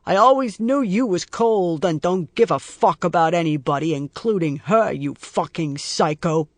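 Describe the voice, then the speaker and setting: A man voicing a rough, hot-tempered middle-aged male cop who talks bluntly and coarsely. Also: sits high, moderate pace, no echo. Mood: furious.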